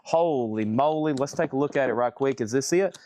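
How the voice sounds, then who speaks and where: A man running a live online record sale and auction, calling out titles and prices in quick bursts with frequent exclamations of surprise. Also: mid-range voice, darkish tone. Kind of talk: live online sales stream.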